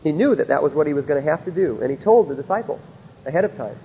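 A man's voice: a little high, expressive, fast, warm tone, slightly rough. A man teaching a Bible lecture, often stopping to ask his listeners rhetorical questions to check they follow. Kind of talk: recorded theology lecture. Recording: dull lo-fi recording in a reverberant hall.

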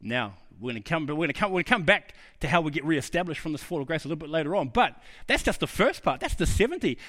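A middle-aged man preaching a sermon, earnest and personal, telling his own stories and dropping to a low, quiet voice for emphasis. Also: very animated, fast.

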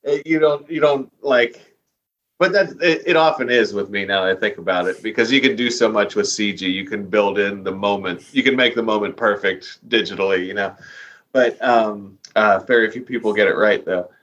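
A man's voice: on the low side, normal speed, fairly bright tone, dull audio. A man who is a guest on a podcast, chatting casually and rambling with many fillers. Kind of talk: casual chat.

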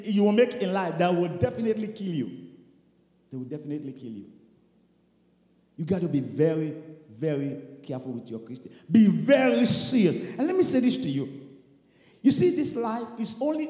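Impassioned male preacher, high voice, big swings from loud to quiet, long hall reverb. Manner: impassioned, swings from shouts to hushed tones, acts out prayers. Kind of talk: fiery sermon. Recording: echoey hall.

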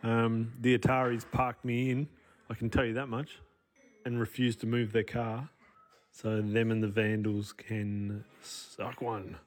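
A man's voice: medium pitch, flat delivery, measured pace. A man in a recorded interview, hesitant and laid-back, with some swearing. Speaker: interviewed musician.

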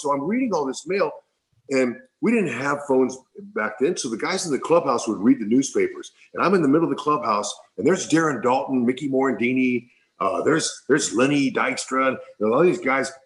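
A middle-aged man tells an emotional story in a rambling, heartfelt way, often circling back and repeating words. His pitch sits in an ordinary middle range. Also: expressive, a little fast, rough recording. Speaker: former baseball player, guest.

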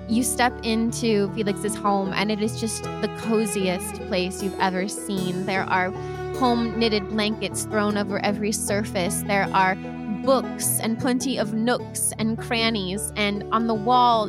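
A woman narrating a tabletop game as game master, describing scenes in a meandering way with frequent fillers. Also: mid-range voice.

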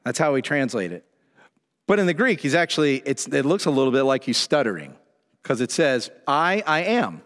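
Pastor preaching in a reverberant church hall. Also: male voice, medium pitch, brisk. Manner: animated storytelling, voices God and Moses in retellings. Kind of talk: sermon.

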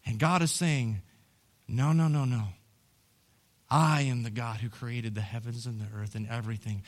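A man preaching a sermon as pastor, moving from hushed, low storytelling to loud, rising calls. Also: steady tone, normal speed.

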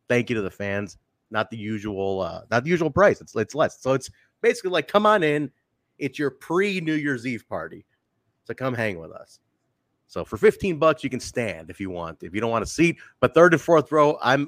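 A man's voice: mid-range voice, no room sound. A man hosting a podcast in casual chat, joking and teasing his co-host. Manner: joking, animated, playful teasing.

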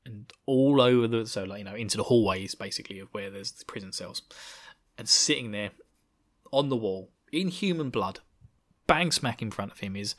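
Animated, slangy male podcast host. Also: on the low side, normal speed. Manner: animated, laughing, slangy storytelling. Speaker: podcast host recapping a book. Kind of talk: casual chat.

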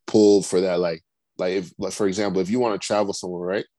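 A man's voice: sits low, steady tone, fast talker, dark tone, dry recording. A man co-hosting a podcast in casual chat, rambling and saying "like" constantly. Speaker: podcast co-host.

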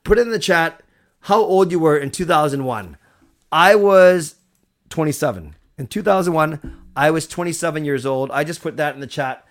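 A man's voice: on the high side, moderate pace. A man hosting a casual live stream, chatty and rambling, thanking viewers as he goes. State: recovered from a cold. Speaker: livestream host.

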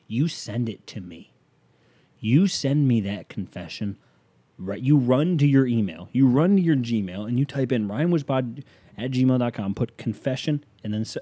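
A man's voice: medium pitch, dark tone, husky. A man hosting a casual solo podcast, rambling and joking as he talks directly to the listener. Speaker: podcast host.

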